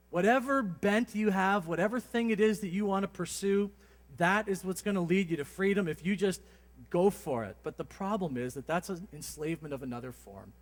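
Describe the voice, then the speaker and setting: A man delivers a sermon with relaxed, lively storytelling and a touch of humor. His voice sits a little high for a man. The sound carries the long reverb of a church sanctuary. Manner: conversational, animated storytelling with humor. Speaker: preacher.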